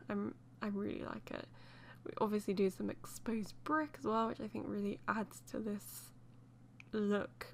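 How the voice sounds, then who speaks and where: A woman's voice: medium pitch, creaky, a little hiss or hum. A woman chatting loosely as she voices over a game build, rambling with many fillers and light laughs. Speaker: let's play host.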